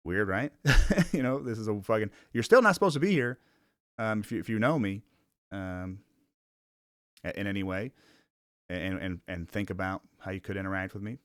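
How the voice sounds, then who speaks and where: A man's voice: on the low side, moderate pace, long pauses, a bit bright, no echo. Rambling young man, dry close sound. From Cleveland area. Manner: rambling, self-conscious, laughs often, swears casually. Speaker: vlogger. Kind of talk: casual rambling vlog chat.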